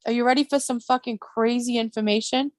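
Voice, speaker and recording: A woman's voice: on the high side, brisk. A woman hosting a casual livestream chat, talking bluntly and swearing constantly as she rants. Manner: blunt, heavy swearing, animated ranting. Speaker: live stream host.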